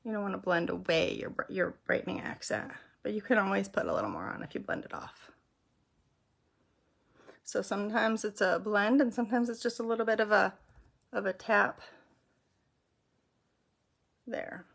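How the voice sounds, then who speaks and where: Middle-aged lady doing a makeup how-to, chatty, a bit of fry in her voice. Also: medium pitch, lively intonation, moderate pace, long pauses, fairly bright tone. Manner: chatty, explains step by step while applying makeup. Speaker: makeup tutorial host. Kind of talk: casual how-to demonstration.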